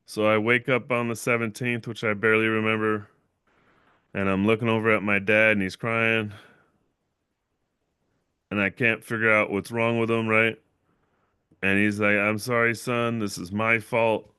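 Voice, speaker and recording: A man's voice: on the low side, little pitch movement, moderate pace, pauses often, pushed and bright, clear, resonant tone, no room sound, clean studio sound. A young man hosting his own livestream, telling a long personal story in a rambling, casual way and tagging his sentences with "right?". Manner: rambling, repeats himself, fillers like "right?". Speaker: channel owner and livestream host.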